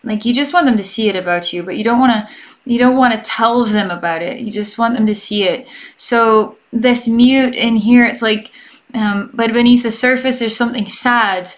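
A young adult woman giving a gentle, chatty energy healing session as a psychic, rambling and often checking in with the listener. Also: a little high, normal speed. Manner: gentle and reassuring toward the listener. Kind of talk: relaxed guided healing session.

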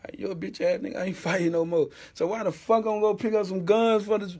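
Loud laughing Florida podcast man. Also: sits high, fairly even intonation, fast, slightly rough. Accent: Southern US, Central Florida. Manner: loud, laughing, profane storytelling. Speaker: podcast host. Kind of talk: casual podcast banter.

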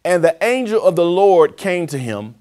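A man preaching and praying as host of a televised sermon, his voice swelling louder and then dropping low. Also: sing-song, normal speed. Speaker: apostle and TV program host.

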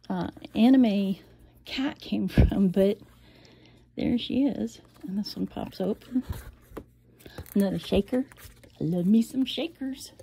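A woman's voice: medium pitch, vocal fry, warm tone, a little hiss or hum. A middle-aged woman casually showing off a handmade album, chatty and rambling, with frequent laughs and whispered asides. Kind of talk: casual show-and-tell.

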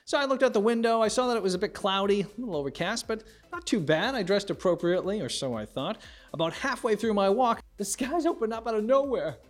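Middle-aged man doing animated stand-up. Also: fast. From United States. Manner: animated, acts out characters with big pitch jumps. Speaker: stand-up comedian. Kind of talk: observational stand-up monologue.

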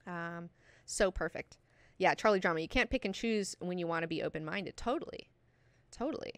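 An excitable woman hosts a book discussion, chatty and quick to swear. Her voice is smooth and clear. The sound is close and dry. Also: fairly low pitch, no echo. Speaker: book club host.

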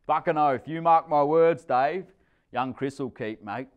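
A man's voice: a little high, unhurried, clear, resonant tone, lo-fi sound, pitched above the performer's own voice, lightly acted. A man reading a story voices a hearty, matey middle-aged Australian tradie.

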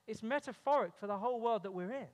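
A man's voice: sits high, fast, darkish tone. A man preaching a sermon in a church, earnest, with humorous family stories. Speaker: pastor. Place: church sanctuary. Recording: long reverb of a church hall.

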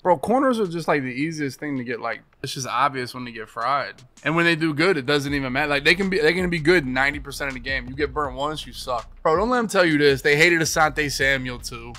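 A man's voice: fairly high pitch, lively intonation, fast talker, few pauses, bright, forceful tone. A man commentating his own gameplay, swearing and ranting as he plays. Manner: profane, ranting, talks to himself. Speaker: gaming streamer. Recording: music playing behind. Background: game music.

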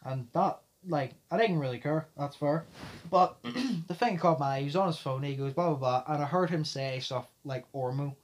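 A man hosting a podcast, telling a story in a casual chat, talking fast and loud and swearing often. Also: fairly high pitch. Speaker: podcast host.

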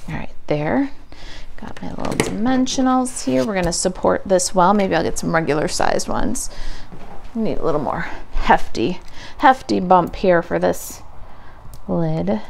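Slow, gravelly-voiced woman demonstrating crafts. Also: fairly low pitch, a little mellow, slight background noise. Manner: chatty, thinks aloud while working. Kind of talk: step-by-step craft tutorial. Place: home craft table.

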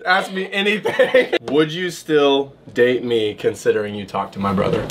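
A man's voice: medium pitch, normal speed, slight background noise. A young man hosting his own vlog, joking and playful as he asks questions. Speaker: vlogger host. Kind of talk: casual chat.

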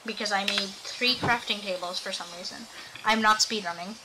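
With a sharp tone at medium pitch and a normal pace, this young woman chats to her stream audience while thinking through her gameplay. The audio is poor, and background noise comes through.

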